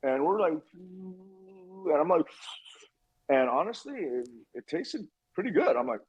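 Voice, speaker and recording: A man's voice: sits high, unhurried, husky, highs cut off. A man in his fifties telling a story as a podcast guest, acting out the dialogue with lots of swearing. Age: 50s. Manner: animated, acts out quoted dialogue, frequent swearing. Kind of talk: storytelling interview chat.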